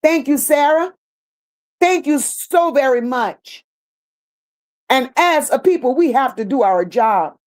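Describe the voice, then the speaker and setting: A woman's voice: high voice, expressive, takes it slowly, pauses often, darkish tone. A woman hosting a livestream, reading viewer comments aloud and answering them bluntly, with sassy repeated phrases. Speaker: livestream host.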